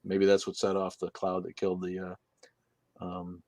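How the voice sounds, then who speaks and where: A man's voice: low voice, completely flat delivery, normal speed, a little mellow, no echo. A man co-hosting a casual livestream, reading out chat comments with loose, profane jokes.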